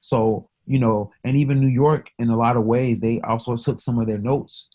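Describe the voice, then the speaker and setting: A man's voice: medium pitch, fairly even intonation, normal speed, darkish tone. A man talking in a casual podcast conversation, speaking emphatically, swearing freely, and mixing stories into his argument. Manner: emphatic, profane, storytelling.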